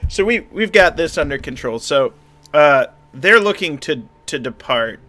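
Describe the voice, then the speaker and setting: A man narrating as game master of a tabletop spy game, relaxed and joking. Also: a little high, measured pace. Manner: relaxed, joking, trails into laughter.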